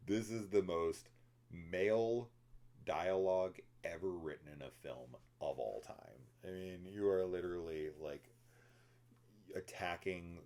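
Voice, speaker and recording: A man with an extremely deep voice hosts a casual horror film spoiler discussion. He rambles through his opinions, swears freely and drifts into tangents. His delivery is loose and unscripted. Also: darkish tone. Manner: laughs and mimics characters while telling the plot. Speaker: film review podcast host.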